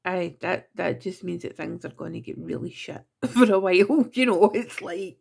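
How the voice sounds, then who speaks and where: Scottish lady doing a chatty tarot reading, bit creaky, laughs at herself. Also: mid-range voice, normal speed, hardly any pauses. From Scotland. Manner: chatty, self-mocking, giggly asides. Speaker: tarot reader. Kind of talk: casual monthly tarot reading.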